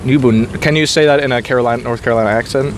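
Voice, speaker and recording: A man's voice: medium pitch, fairly even intonation, racing. Rambling male podcast host outdoors. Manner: rambling, swears freely, laughs often. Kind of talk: casual interview chat. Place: outdoors on concrete steps in a park. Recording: outdoor traffic noise. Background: traffic noise.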